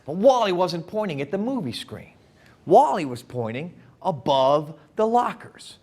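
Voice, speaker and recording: A man telling a story live to a young audience, playful and animated, often turning to talk with the crowd. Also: high-pitched, a little slow. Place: live event before an audience.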